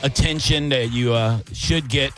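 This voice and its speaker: A man's voice: medium pitch, measured pace, soft background music. A man hosting a radio show in the studio, joking and teasing his co-host in casual banter.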